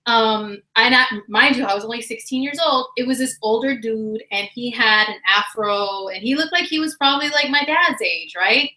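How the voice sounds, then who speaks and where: A woman telling a funny personal story in a casual, animated way, laughing often and using lots of fillers. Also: fairly high pitch, normal speed, hardly any pauses. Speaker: vlogger. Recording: roomy echo.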